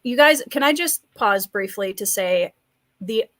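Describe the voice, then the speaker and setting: A woman with a Scandinavian Midwestern accent from rural Minnesota, hosting a relaxed live stream, chatting, laughing often and reading out viewer comments. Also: mid-range voice, a little slow, dry recording. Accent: Scandinavian Midwestern American. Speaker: livestream host and writer.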